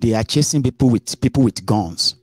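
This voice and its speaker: A man's voice: mid-range voice, fairly quick, dry recording. Chatty man, dry close sound. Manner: chatty, animated, mixes in pidgin asides. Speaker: political commentator. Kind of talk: casual political commentary vlog.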